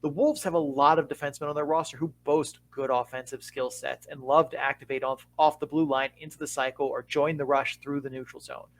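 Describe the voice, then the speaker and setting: A man talks through hockey tactics as a podcast co-host, in a slightly higher voice than most men. He explains at an even, measured pace and slows down to stress key points. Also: poor audio. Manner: measured, explanatory, with deliberate pauses for emphasis. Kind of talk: casual podcast analysis.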